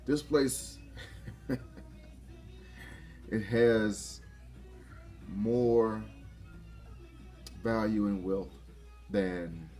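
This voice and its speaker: Excitable male vlogger, slow unhurried delivery, breaks into laughter, faint music underneath. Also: lowish voice. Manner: excitable, laughs often, repeats and restarts phrases. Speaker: motivational vlogger. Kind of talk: casual motivational talk to camera.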